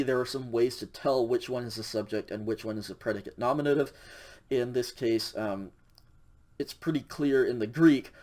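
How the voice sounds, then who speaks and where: A man's voice: mid-range voice, darkish tone. Casual male lecturer with lots of fillers. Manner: casual, many fillers like um and okay; spells out examples slowly and stresses key words. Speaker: university Greek instructor. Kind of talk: recorded lecture.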